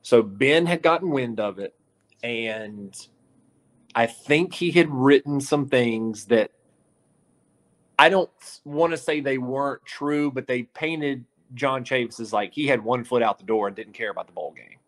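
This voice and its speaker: A man at the middle of the usual pitch range for men, spinning a story in a loose, chatty way. He is a sports reporter who jumps into other people's voices to act out their lines, and his delivery keeps climbing into lively bursts. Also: a little slow. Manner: animated storyteller, acts out quotes. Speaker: local TV sports reporter, guest. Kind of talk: casual podcast storytelling.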